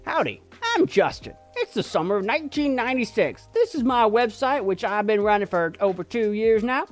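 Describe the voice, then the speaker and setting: A man's voice: high voice, sing-song, moderate pace, faint music behind, pitched above the performer's own voice. A man doing a chirpy young web pioneer. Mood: eager. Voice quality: put-on accent, chirpy.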